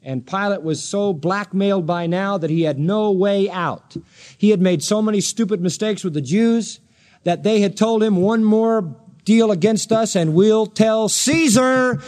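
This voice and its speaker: A man preaching an expository sermon, dramatically acting out the voices he quotes. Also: darkish tone. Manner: dramatic, acts out quoted voices with sweeping pitch.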